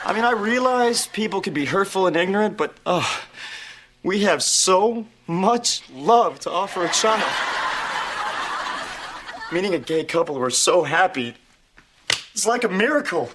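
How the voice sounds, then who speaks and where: An actor playing an emotional, earnest young masseur who is sentimental and easily moved. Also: male voice, high voice, animated, a little slow, pauses often, background noise. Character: emotional young male masseur, gentle and tearful.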